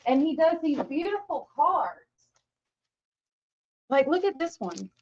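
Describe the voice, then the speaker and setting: A woman hosts a casual livestream and chats along, gushing and greeting her viewers by name. Her voice sits fairly high. Her webcam mic gives the sound a dull, lo-fi quality. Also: sing-song, slow, darkish tone. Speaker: livestream host.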